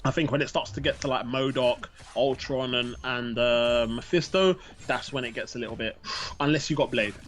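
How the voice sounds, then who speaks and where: A man in his thirties keeps a relaxed, chatty gaming-stream conversation going. He reads viewer questions aloud, laughs often and slips "bro" and "man" into nearly every sentence. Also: mid-range voice, normal speed. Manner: laughing, storytelling, says man and bro a lot. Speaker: co-host reading chat questions. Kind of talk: casual gaming chat.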